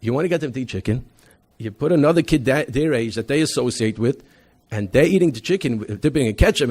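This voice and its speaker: A man, a rabbi giving a convention talk, animated storytelling with frequent restarts and loudly acted-out quotes. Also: mid-range voice, fast talker. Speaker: rabbi presenting an educational program. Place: convention hall.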